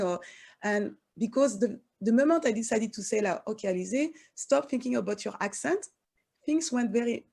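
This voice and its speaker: French woman, gravelly halting speech. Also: mid-range voice, a little mellow. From France. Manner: halting, many fillers and restarts. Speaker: panelist. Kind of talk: panel discussion.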